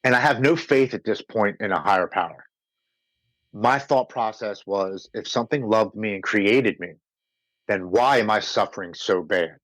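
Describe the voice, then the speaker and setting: A low-pitched American man tells his recovery story on a podcast, earnest and emotional, sometimes stumbling over repeated words. The sound is close and dry, with no room echo. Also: normal speed, fairly bright tone. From United States. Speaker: podcast guest. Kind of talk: personal recovery story told in conversation.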